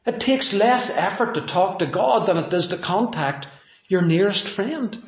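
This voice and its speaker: A man's voice: sits high, expressive, a little slow, echoey room, poor audio. A man preaching a sermon in a conversational way, telling personal anecdotes.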